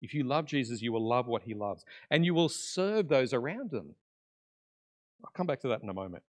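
Lively man preaching a sermon. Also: mid-range voice, fairly quick. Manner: conversational, animated, swings from loud emphasis to quiet asides. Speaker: pastor. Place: church.

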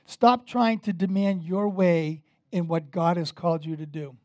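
A man's voice: high voice, steady tone, unhurried, dry recording, highs cut off. A man preaching a sermon, emphatic and direct, asking the congregation questions as he goes. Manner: emphatic, rises and falls in loudness, talks straight to the congregation.

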